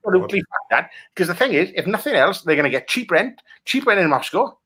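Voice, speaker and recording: A Welsh man with a bright, forceful voice that swings up and down a lot. He rants crudely through improvised comedy chat, swearing freely as he pulls film pitches apart. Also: very animated, fast, a little hiss or hum. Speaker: comic guest critiquing film pitches.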